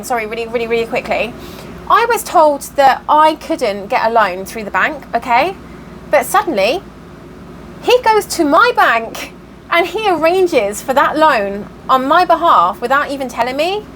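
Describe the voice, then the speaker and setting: A woman's voice: high-pitched, a bit bright, slight background noise, poor audio. A tired woman chatting casually in a vlog update, venting her frustration and getting worked up. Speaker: cross stitch vlogger.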